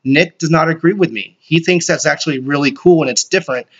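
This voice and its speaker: A man hosting a solo podcast, rambling excitably and swearing often. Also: fairly high pitch, quick pace. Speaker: podcast host. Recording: dull lo-fi recording.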